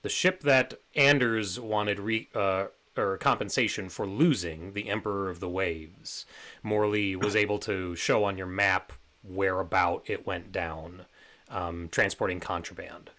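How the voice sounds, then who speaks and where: A man narrates as game master for an online tabletop session. His voice sits low, and he talks in a loose, rambling way, padding his sentences with fillers. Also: a little slow. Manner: relaxed, rambling with many fillers.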